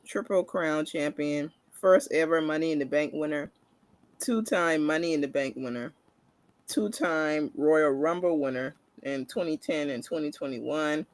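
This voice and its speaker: A man with a slightly high voice, recorded close and dry with no room sound. He reads a long list aloud on a wrestling podcast, stumbling and cracking up at the funny bits. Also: vocal fry, no echo. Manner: reads a shirt aloud, amused and laughing. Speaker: podcast co-host. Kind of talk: casual wrestling chat.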